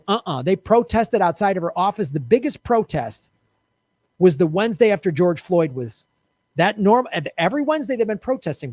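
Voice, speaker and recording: A fiery man rants to camera in a heated political commentary, blunt and profane, hammering each point home. His voice sits high for a man, and the sound is close and dry. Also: a little mellow, no room sound.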